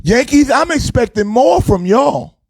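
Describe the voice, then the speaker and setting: A man's voice: very high voice, animated, measured pace, no echo. A man hosting a casual sports talk show, fired up and preachy, with a sing-song delivery.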